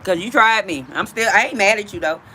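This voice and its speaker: A woman's voice: mid-range voice, fairly quick, sharp tone, slight background noise. A woman hosting a casual livestream from outdoors, chatting directly with her viewers. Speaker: livestream host.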